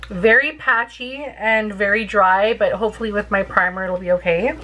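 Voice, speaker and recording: A woman's voice: medium pitch, normal speed, pushed and bright, low-quality recording. A woman in her thirties chatting casually through a makeup tutorial, giggly and full of fillers. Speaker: beauty vlogger.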